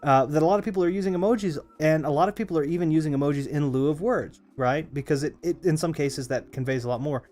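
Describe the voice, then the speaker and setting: A hoarse man streaming a game, chatting casually with viewers in a rambling, self-correcting way. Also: fairly high pitch, quick pace, hardly any pauses, a little mellow, faint music behind. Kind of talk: casual live-stream chat over gameplay.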